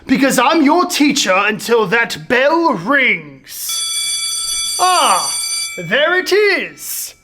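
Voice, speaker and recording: A man voicing a mean, gloating male schoolteacher with a British accent and a slow, sneering delivery. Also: extremely high pitch, sing-song, noisy background, full character voice. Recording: roomy echoey room.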